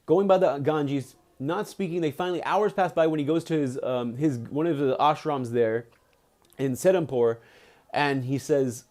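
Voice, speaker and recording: Young male streamer, slightly high voice, excitable casual storyteller who leans on fillers and acts out every quote. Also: normal speed. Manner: animated, excitable, acts out quotes with big pitch jumps; many fillers like "he's like". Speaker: streamer reading a book aloud. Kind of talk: casual retelling of a book on a livestream.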